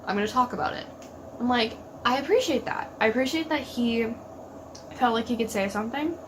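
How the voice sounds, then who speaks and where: A woman's voice: medium pitch, noisy background. A woman hosting a casual solo discussion, rambling with lots of fillers and exasperated asides. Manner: rambling, frustrated, with frequent fillers and laughs. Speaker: YouTube TV reaction host.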